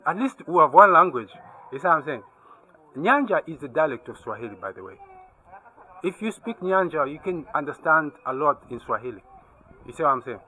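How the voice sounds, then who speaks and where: Animated man lecturing to camera. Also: on the high side, a little hiss or hum, rough recording. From Zambia. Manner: keeps asking "you see what I mean?"; emphatic, lecturing. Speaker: travel and tech vlogger. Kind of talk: casual talk to camera.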